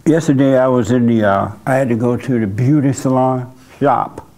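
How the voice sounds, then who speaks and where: A male pastor hosting a church service, telling a story in a casual, animated way and laughing along with the room. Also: medium pitch, moderate pace. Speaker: pastor and host. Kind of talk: sermon.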